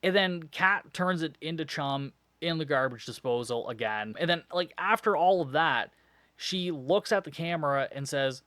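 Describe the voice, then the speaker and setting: A man hosting a podcast, his voice sitting a bit above the usual male range and caught dry and close on the mic. He recaps a cheesy film with sarcasm, wandering tangents and a steady stream of swearing, laughing at how silly it all is. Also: a little high, normal speed, dry recording. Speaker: podcast host reviewing a film. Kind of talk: casual profane plot recap.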